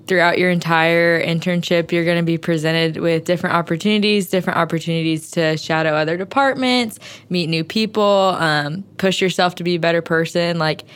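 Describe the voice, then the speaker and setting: A woman's voice: lowish voice, fairly even intonation, fairly quick, smooth. A young woman intern giving earnest interview answers, often saying "like" as she talks. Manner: earnest, uses filler "like".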